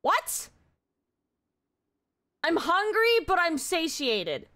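A young woman streaming a game live, exasperated and swearing as she yells at her chat. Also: very high-pitched, huge pitch swings, drawn-out words, no echo.

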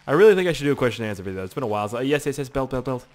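Excitable, swearing young gaming host. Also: male voice, medium pitch, racing, noisy background. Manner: excitable, swears a lot, hums little tunes. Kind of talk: let's play commentary.

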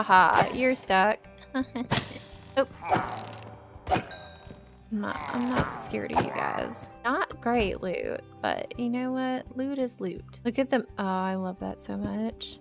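Chatty woman, gravelly, unhurried. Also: on the high side. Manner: chatty, easily distracted, exclaims often. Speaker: let's play host. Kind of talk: casual gameplay commentary. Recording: light background music.

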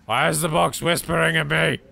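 An Englishman hosts a let's play, offering casual gameplay commentary as he jokes, talks to objects in the game and swears now and then. His voice is a little high, steady in tone, a little fast, gravelly, pushed and bright. There's slight background noise.

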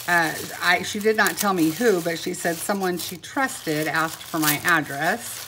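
An older woman filming a casual unboxing vlog at home on her camera, gushing and sentimental, pausing often and filling gaps with "um". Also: on the low side, background noise. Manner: gushing and sentimental, with many pauses and fillers. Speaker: vlogger. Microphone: camera mic.

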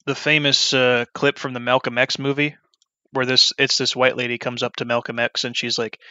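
A young man talking casually in a rambling way while modding a game, full of fillers and restarts, now and then flaring into a loud rant. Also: mid-range voice, clean tone, no echo. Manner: meandering, many fillers and restarts, flares into loud ranting. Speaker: video creator modding a game. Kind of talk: rambling off-topic commentary.

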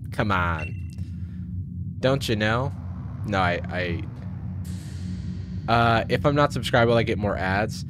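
A man's voice: on the low side, slow, pauses often, music in the background. A man hosting a live stream, chatting casually and jokingly while playing a game. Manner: chatty and jokey, lots of fillers. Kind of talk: casual gameplay commentary.

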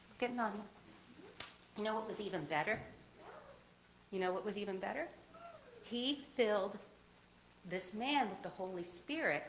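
A woman giving a children's sermon, speaking gently and warmly asking a young child questions as she tells the story. Her voice is mid-pitched and rings through a roomy church space. A faint hiss sits under it. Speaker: children's message leader. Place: church sanctuary.

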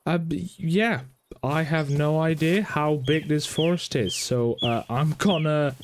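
A man's voice: a little high, a little mellow, slight background noise. A man giving casual, chatty commentary as he plays, joking with the characters he meets. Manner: chatty, talks to game characters, playful asides. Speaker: gaming YouTuber.

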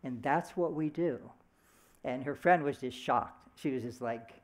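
A man's voice: mid-range voice, a little slow. A middle-aged man giving a sermon in a conversational, storytelling way, slipping into short voiced quotes. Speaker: speaker at a church service.

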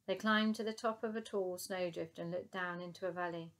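A woman narrating a children's book aloud in a calm, even storytelling manner. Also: fairly low pitch, fairly quick.

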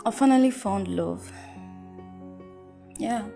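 A wistful young orphan. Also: female voice, fairly high pitch, slow pace, creaky, mellow, soft background music. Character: young woman talking to her late parents, tender and wistful.

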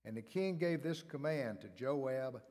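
A man reads scripture aloud in a church sanctuary at a measured, steady pace. His voice sits at a middle pitch. Long reverb from the large room trails after each phrase. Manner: measured, steady reading cadence. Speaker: scripture reader. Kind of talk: reading scripture aloud in worship.

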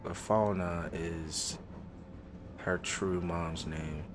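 A man's voice: low voice, steady tone, extremely slow, music in the background. A man hosting a let's play, rambling and thinking aloud as he reacts emotionally to the story. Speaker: gaming host.

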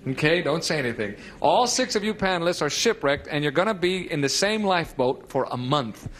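A man's voice: on the high side, lively intonation, brisk, a bit bright. A man in his thirties hosting a 1970s TV game show, bouncy and chatty, laughing often. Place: TV studio with audience. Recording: noisy 1970s TV audio, studio audience.

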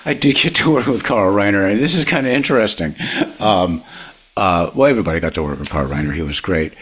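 Older guy rambling through old showbiz stories, low husky voice, laughs a lot. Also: fast. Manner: animated, rambling storyteller, laughs often. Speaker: guest, comedy writer and producer. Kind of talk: casual anecdotal storytelling.

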